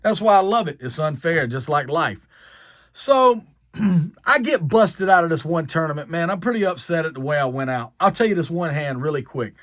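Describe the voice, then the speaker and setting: A man from the American South with a long drawn-out Southern accent, telling a self-mocking story. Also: a little high, dry recording, studio quality. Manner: drawled, self-mocking, animated. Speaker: vlogger. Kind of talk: storytelling to camera.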